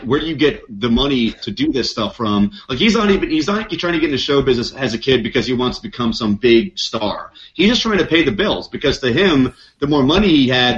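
A man co-hosting a podcast, leading the discussion and explaining the background in a casual way. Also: mid-range voice. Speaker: podcast co-host. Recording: slightly dull lo-fi sound.

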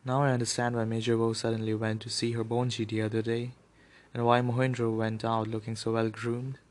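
A man reading a novel aloud in a measured storytelling voice. He keeps a steady audiobook delivery and now and then adds a brief explanatory aside. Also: mid-range voice. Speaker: narrator.

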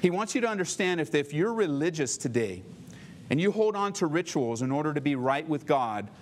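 A male pastor delivers a sermon in an animated, conversational way, reading scripture slowly and deliberately. His voice sits a bit high for a man, with light noise in the background.

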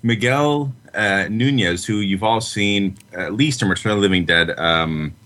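A man's voice: lowish voice, a little slow, bright, forceful tone. A man co-hosting a casual podcast chat, joking in a wry way. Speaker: podcast co-host.

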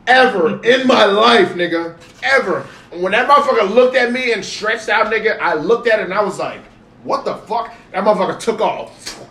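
Swearing and hammering points home through constant repetition, a lively young man spins a casual story for his friends. He speaks at a moderate clip in a high voice, picked up from a distance in a room that echoes, with a little noise in the background.

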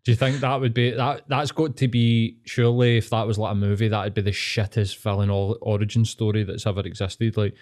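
A man's voice: fairly low pitch, level tone, a little fast, few pauses, a little mellow. A man with a Glasgow accent, co-hosting a podcast, teasing his friend with sweary banter. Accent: Scottish, Glasgow. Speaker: podcast co-host. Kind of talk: casual chat.

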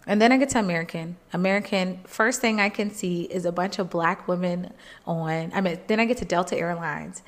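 Woman podcast host, personal storyteller, slightly low voice, earnest and animated. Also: a little fast. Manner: emotional, animated retelling, jumps high when quoting people; faith-filled, earnest.

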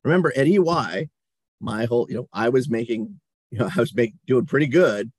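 Husky-voiced man telling animated stories. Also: medium pitch, brisk, dry recording. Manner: animated, laughs often, acts out quotes. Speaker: guest, company CEO. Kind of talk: casual interview storytelling.

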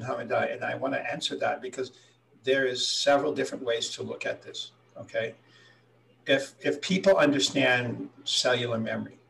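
A gravelly-voiced man in his sixties from Hawaii talks calmly and reflectively as an interview guest. His voice sounds a little distant from the mic, with faint background noise. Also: medium pitch. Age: 60s. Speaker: guest, healer. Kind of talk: storytelling interview answers.

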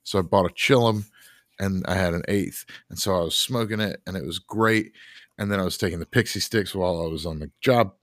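A man's voice: deep voice, brisk, dry recording, clean studio sound. A man co-hosting a podcast, telling a rambling story in a laid-back, casual way with casual swearing. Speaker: podcast co-host.

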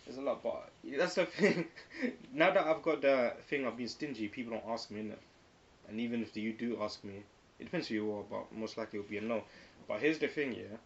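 A young man in casual banter, animated and slangy, often slipping into quoted voices. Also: mid-range voice. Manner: quick and animated, slangy, breaks into put-on quotes. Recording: slightly dull recording with faint hiss.

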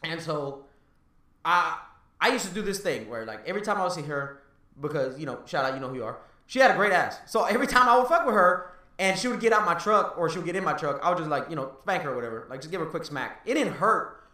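Animated man in his thirties, roomy sound. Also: on the high side, quick pace, far from the mic. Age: 30s. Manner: animated, swearing, rambling with "bro" and "right?". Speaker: podcast co-host. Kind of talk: casual chat.

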